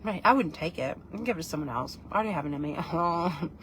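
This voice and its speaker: A woman's voice: fairly low pitch, animated, quick pace, a little hiss or hum. A middle-aged woman, chatting in a playful, rambling vlog while reviewing food. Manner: playful, rambling, breaks into put-on voices.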